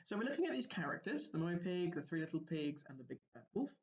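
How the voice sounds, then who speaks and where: A man, a primary school teacher giving a recorded lesson, explaining gently and asking the children questions. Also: on the high side, big pitch swings, fast, dull audio.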